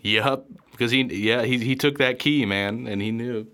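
A man's voice: medium pitch, normal speed, pushed and bright, smooth. A man co-hosting a podcast, chatting casually about films with enthusiastic slangy interjections. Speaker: podcast co-host. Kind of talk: casual film review chat.

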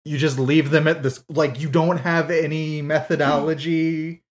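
A woman's voice: low-pitched, level tone, measured pace. A woman co-hosting a podcast, casually picking apart a book with sarcastic, profane disbelief. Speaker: podcast co-host. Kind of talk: casual book-critique chat.

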